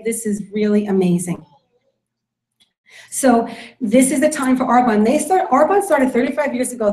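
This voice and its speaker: A woman with a fairly high pitch and a dark tone gives a network marketing sales talk to a room of listeners. Her delivery is emphatic, with key points repeated, and the meeting room sounds echoey on the recording.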